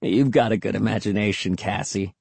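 A man's voice: fairly low pitch, a little fast, vocal fry, darkish tone, slightly rough, no room sound. A man voicing a skeptical young boy in an audiobook who grumbles and mocks sarcastically. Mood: sarcastic. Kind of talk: audiobook character voice.

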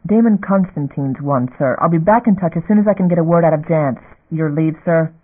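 A man's voice: a little high, brisk, lightly acted. Tough woman starship captain in an audiobook, barking clipped orders, as a man reads her, tinny phone-like sound. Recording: phone-like narrow band.

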